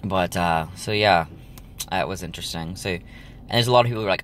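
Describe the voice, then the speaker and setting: A man's voice: sits low, fast talker, a bit bright, slight background noise. A young man chatting casually to his viewers, rambling with lots of ums and likes. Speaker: vlogger. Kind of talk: casual chat to camera.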